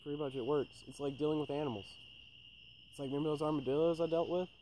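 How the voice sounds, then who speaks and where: A man's voice: on the high side, steady tone, quick pace, dark tone, slight background noise, low-quality recording. A man co-hosting a podcast, telling his ghost encounters in a rambling, swearing, filler-heavy way. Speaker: podcast co-host. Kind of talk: casual storytelling chat.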